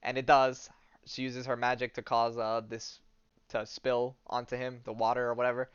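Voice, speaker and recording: A man's voice: medium pitch, moderate pace, clean tone, dry recording, muffled recording. A man hosting a podcast, retelling a comic in a casual, jokey way with lots of fillers. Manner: animated, jokey storyteller with many fillers. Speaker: podcast host.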